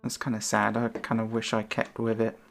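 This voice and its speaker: A woman's voice: very deep voice, level tone, fairly quick, vocal fry, soft background music. A woman streamer chatting casually in a rambling, self-conscious way, her intonation rising and falling.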